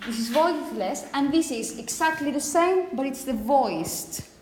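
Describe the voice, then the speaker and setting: A woman's voice: high voice, animated. Woman teaching in an echoey classroom. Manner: explains slowly with many repetitions and "okay?" checks. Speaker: phonetics teacher. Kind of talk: classroom lecture. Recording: echoey classroom with long reverb, faint hiss.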